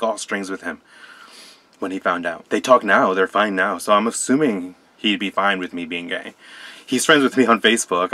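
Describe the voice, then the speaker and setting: A young man from Colombia telling a personal story to camera, soft-spoken and hesitant, often restarting his sentences. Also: low-pitched, dry recording. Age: young adult. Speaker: vlogger. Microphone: camera mic.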